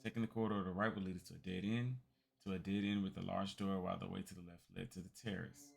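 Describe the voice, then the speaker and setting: A man streaming, reading a text game aloud as a calm bedtime story with quiet asides. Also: sits low, fast talker, gravelly, husky.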